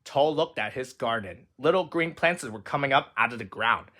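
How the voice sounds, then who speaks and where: A man reading a children's storybook aloud with expressive, lilting narration. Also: mid-range voice, normal speed. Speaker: storybook reader.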